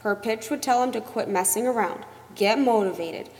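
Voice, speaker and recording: Woman narrating a novel, reverberant sound. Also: a little high. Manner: measured, expressive storytelling. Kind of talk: audiobook narration. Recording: long reverb.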